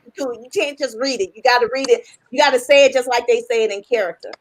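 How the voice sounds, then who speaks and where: Chatty, high-voiced woman hosting a livestream. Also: quick pace, a little hiss or hum, rough recording. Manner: chatty, joking, laughs often. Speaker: host and publisher.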